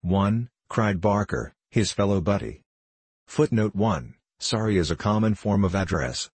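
A man narrating an audiobook novel in a measured, even reading. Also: on the low side, slightly rough, no room sound. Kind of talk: scripted narration.

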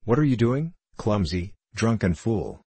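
A man voicing a sharp-tongued young mother who speaks to her husband curtly and with contempt. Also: lowish voice, big pitch swings, a little slow, slightly rough, no echo, heavily acted. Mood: scornful. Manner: curt, contemptuous.

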